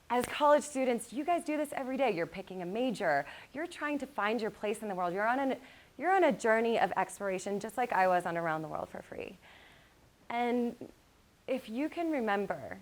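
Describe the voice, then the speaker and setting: A woman giving a motivational keynote to college students, mixing lively storytelling with calm guided meditation passages. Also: mid-range voice. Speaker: motivational speaker.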